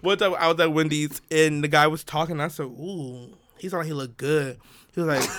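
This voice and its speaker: A podcast co-host tells a story in casual conversation, his voice fairly high and his delivery a little quick. He's animated, laughing often and acting out what people said.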